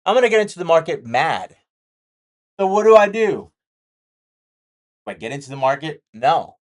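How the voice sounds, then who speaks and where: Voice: medium pitch, big pitch swings, normal speed. A day trading vlogger talking candidly and casually, repeating key points and making jokey asides while sketching a chart.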